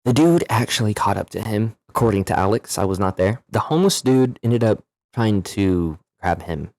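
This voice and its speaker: A man telling a story in a casual, animated, slangy way, swearing freely. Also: lowish voice, moderate pace, no room sound. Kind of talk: casual story-time vlog.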